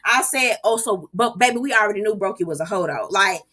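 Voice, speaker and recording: Sassy, bright-voiced woman recapping gossip. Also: expressive, a little fast. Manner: sassy, profane, gossipy with quoted reactions; speaks with swooping pitch jumps and exclamations. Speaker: reality TV recap host. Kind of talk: casual recap commentary.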